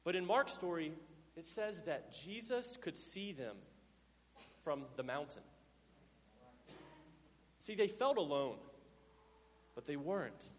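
A man preaching a sermon as pastor. He swings from loud emphasis to hushed, low tones and acts out Bible characters' lines in playful voices. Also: expressive, slow pace, pauses often, long reverb tail.

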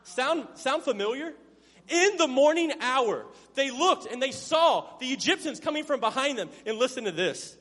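A male pastor with a high-pitched voice delivers a sermon, swinging between loud emphasis and hushed asides. He acts out the lines of Bible figures playfully. The sound carries the long reverb of a big hall. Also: lively intonation, moderate pace.

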